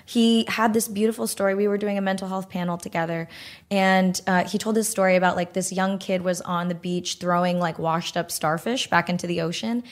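A woman's voice: lowish voice, steady tone, a little fast. American woman, candid and earnest. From United States. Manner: candid, earnest, heavy use of "like". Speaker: guest. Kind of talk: conversational podcast interview.

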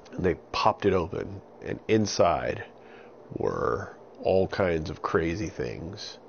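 Gravelly man telling a children's story. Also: deep voice. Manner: animated, with sound effects. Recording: dull lo-fi recording with faint hiss.

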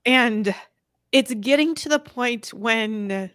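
Bright, candid woman podcast host. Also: on the high side, slow, smooth, no echo. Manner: candid and hesitant. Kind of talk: casual chat.

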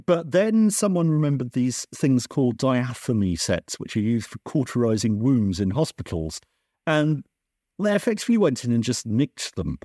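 A man, a science journalist, explaining history in a conversational podcast interview with lively swings in his delivery and frequent restarts. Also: moderate pace, dry recording, studio quality. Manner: animated storyteller, lively pitch swings, self-correcting restarts. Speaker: science journalist and author, guest.

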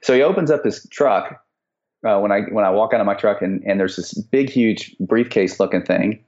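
A man's voice: on the low side, normal speed, a little mellow, dull audio. A man coaching real estate students, telling stories in a rambling way with many restarts, on a call recording. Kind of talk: casual podcast chat.

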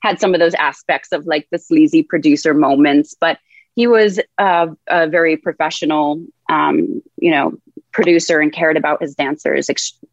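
A woman's voice: low-pitched, moderate pace, no echo. A woman, a former showgirl dancer, chatting candidly and easily in an interview. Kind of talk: casual interview chat. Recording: dull, dry lo-fi line.

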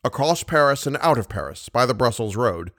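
A male narrator voicing a self-satisfied police commissary who questions briskly. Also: medium pitch, big pitch swings, fairly bright tone, dry recording, studio quality. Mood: probing.

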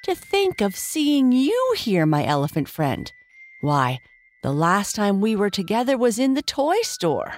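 A woman's voice: lowish voice, a little slow, faint music behind, exaggerated voice. Woman voicing a kindly rocking horse. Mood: delighted. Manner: warm, excitable, exclaiming. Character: kindly male white rocking horse toy.

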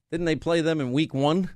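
Fast-talking combative talk radio host. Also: male voice, a little high, darkish tone, no echo. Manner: rapid, combative, rhetorical questions, bantering with crew. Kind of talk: conservative talk radio monologue. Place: radio studio. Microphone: studio mic.

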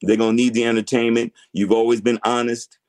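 A man's voice: mid-range voice, level tone, brisk, darkish tone. A middle-aged man speaking as a guest in a casual interview, laid-back and frank with slangy talk.

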